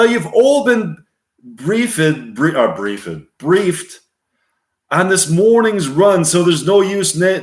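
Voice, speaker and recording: A man's voice: on the high side, voice pushed up. A man voicing a military officer briefing troops in a commanding, clipped way. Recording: roomy echo.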